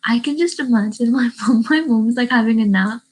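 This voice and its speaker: A woman's voice: on the high side, brisk, rough recording. A teenage girl with a Derry accent and a hint of Indian, chatting on a livestream and reading comments in a bubbly, filler-heavy way, on a webcam mic at home. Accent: Northern Irish (Derry) with a hint of Indian. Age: teens. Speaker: YouTuber reading live chat. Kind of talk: casual livestream chat.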